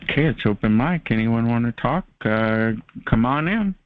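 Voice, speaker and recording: A man's voice: medium pitch, expressive, normal speed, no room sound. A man hosting a call-in show, talking in a casual, joking, informal way. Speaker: radio show host. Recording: tinny phone-line audio, dry.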